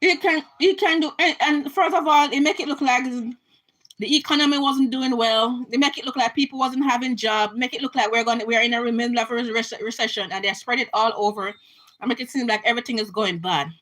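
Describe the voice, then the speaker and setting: A woman's voice: on the high side, steady tone, a little fast, fairly bright tone, rough recording. A Jamaican woman giving an impassioned political rant to her camera, emphatic and repetitive, often restarting her sentences. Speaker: vlogger.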